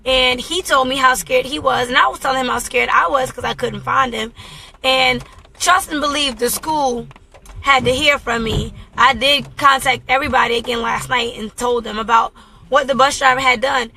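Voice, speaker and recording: Woman radio host, 30s, high and gravelly, earnest storyteller, faint road noise underneath. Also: fairly even intonation, normal speed, sharp tone, poor audio. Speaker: radio talk show host. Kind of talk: casual talk radio monologue.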